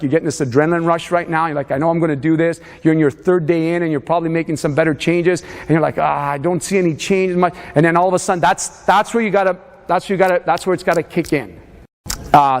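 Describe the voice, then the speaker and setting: A man leading a motivational fitness seminar, urging a live audience on with lots of energy. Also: on the high side. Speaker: fitness coach. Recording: reverberant hall.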